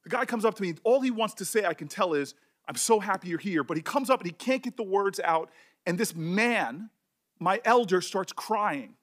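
At a formal hearing, a middle-aged senator delivers a passionate speech in a voice pitched higher than most men's and a bit bright. He's animated and speaks at a normal speed, but emotion keeps making him stumble and start his words over.

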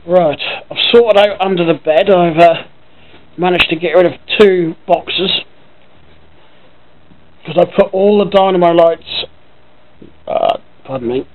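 Sitting at home by his computer, a Norfolk-accented vlogger from Norfolk, England, chats loosely, swearing offhandedly. He has a high voice, speaks a little slowly with frequent pauses, and the audio is narrow and tinny.

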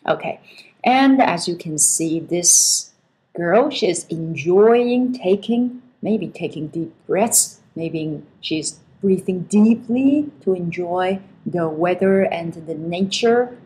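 A woman's voice: on the low side, expressive, slow, dark tone, low-quality recording. A woman teaching an English vocabulary lesson, patiently explaining words and checking in with "okay" after almost every phrase. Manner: patient, says "okay" often, many fillers.

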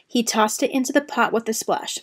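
A woman reads a children's story aloud in a church service. Her voice sits fairly high and her storytelling is expressive and animated. She shapes each line for young listeners. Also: fairly quick, breathy edge.

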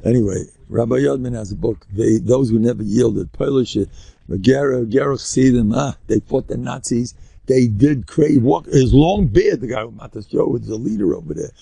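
A man's voice: medium pitch, normal speed, vocal fry, dark tone, husky, no echo. An older man, a rabbi giving an informal lecture, telling stories animatedly with rambling asides and Yiddish words sprinkled in.

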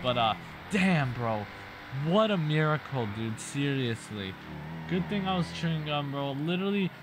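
A young man giving excitable gameplay commentary, full of exclamations and constant "bro". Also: a little high, a little slow, noisy background. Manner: hyped, says "bro" constantly, frequent exclamations. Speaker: gaming YouTuber. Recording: music playing underneath. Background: game sounds and music.

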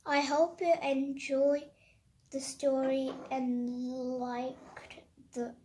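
A child reading a picture book aloud, slowly and carefully, stopping to describe the pictures. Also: sits high, fairly even intonation, a little mellow, a little hiss or hum. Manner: slow careful reading, halting comments. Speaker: story reader.

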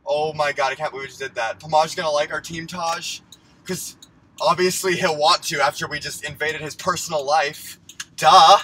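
A man doing a comic parody vlog skit, talking mock-serious and getting hyper, sometimes shouting. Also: on the high side, normal speed, soft background music, rough recording. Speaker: parody vlogger.

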